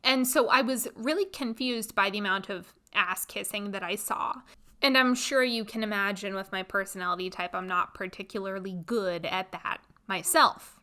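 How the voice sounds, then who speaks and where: A woman hosting a podcast, telling a personal story in a blunt, expressive, animated way. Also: mid-range voice, moderate pace. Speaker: podcast host. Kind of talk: casual storytelling monologue.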